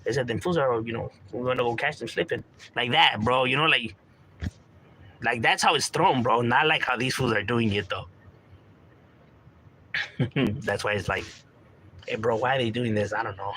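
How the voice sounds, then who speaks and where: A man's voice: medium pitch, normal speed, long pauses, bright, forceful tone, slight background noise, poor audio. A man talking casually in a monologue, full of street slang and "you know, bro," acting out quotes from friends. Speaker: commentator talking about gang culture.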